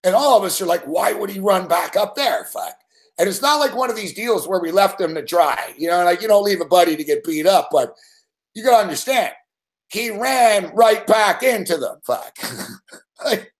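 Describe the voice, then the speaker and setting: Profane, high-voiced male show host. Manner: rambling, swearing constantly, laughing at his own story. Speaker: sports betting show host. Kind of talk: profane storytelling on a live show.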